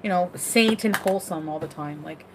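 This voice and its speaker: A woman's voice: fairly low pitch, normal speed, noisy background. A woman social media influencer chatting casually on a livestream, rambling with lots of fillers, trailing off and speaking bluntly with some swearing. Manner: blunt and profane. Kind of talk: casual livestream chat answering viewer questions.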